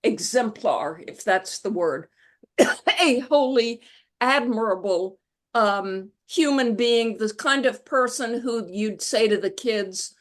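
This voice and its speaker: A woman being interviewed as an author, telling stories in a reflective, measured way. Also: a little high, expressive. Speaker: guest author. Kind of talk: conversational interview.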